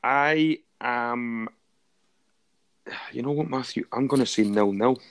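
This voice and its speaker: A man's voice: mid-range voice, takes it slowly. A young Scottish man co-hosting a casual football podcast, laid-back and self-deprecating, often restarting his sentences. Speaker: podcast co-host.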